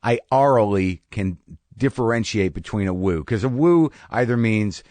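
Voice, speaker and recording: A middle-aged man spins a wry, profane story into a studio mic, his voice dry and close with no room around it. He talks casually as a podcast host, dropping into sudden high yelps to mock people. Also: lively intonation, normal speed, darkish tone, no echo.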